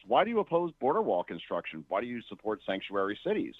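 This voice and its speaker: A man speaks over a thin, tinny phone line as a guest on a radio show. His pitch swings widely as he fires off exasperated rhetorical questions. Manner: animated, exasperated, rapid-fire rhetorical questions. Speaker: guest media critic.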